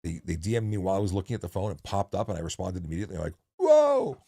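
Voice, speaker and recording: A man's voice: low voice, fairly even intonation, rapid-fire, gravelly, warm tone, husky, dry recording, clean studio sound. A man, a former police officer, hosting a casual livestream chat, telling dad jokes and rambling with lots of restarts. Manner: jokey, rambling with many restarts.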